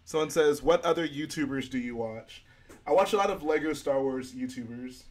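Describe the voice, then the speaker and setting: A young man hosting a casual live stream, reading out viewer comments and answering them in a relaxed way while he builds. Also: mid-range voice, moderate pace. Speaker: livestream host.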